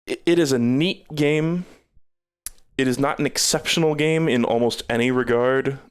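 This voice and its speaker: A man's voice: mid-range voice, moderate pace, clear, resonant tone. A man streaming live, giving rambling casual game reviews with many fillers, tired and starting to lose his voice.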